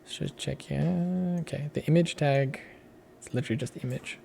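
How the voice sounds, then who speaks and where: A man's voice: fairly high pitch, moderate pace, vocal fry, dark tone, slight background noise. A young Australian man on a casual live coding stream, muttering to himself as he works and chuckling now and then. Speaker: streamer, app developer.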